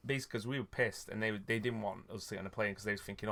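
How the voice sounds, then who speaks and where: A man's voice: lowish voice, fairly even intonation, fast, gravelly, few pauses, sharp tone. A man, hosting a podcast and telling a rambling, sweary story with frequent laughs. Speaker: podcast host. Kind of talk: casual storytelling chat.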